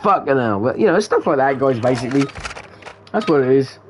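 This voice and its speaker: A man's voice: medium pitch, sing-song, brisk, a little hiss or hum. A man talking casually and rambling while he plays a shooter, swearing often and calling his viewers "guys". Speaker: gamer streamer. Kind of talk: casual chat while gaming.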